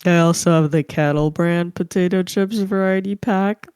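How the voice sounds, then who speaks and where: A woman with a fairly low voice, chatting casually as a podcast co-host. She is blunt and swears freely. The sound is dry and close. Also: steady tone, moderate pace, clean tone, no echo. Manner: blunt, swears freely, loud disgusted outbursts. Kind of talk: casual chat.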